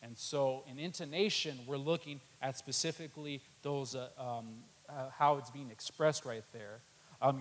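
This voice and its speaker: This preacher speaks at medium pitch through poor audio, giving a sermon in a relaxed, conversational manner full of "um"s and his recurring phrase "right there."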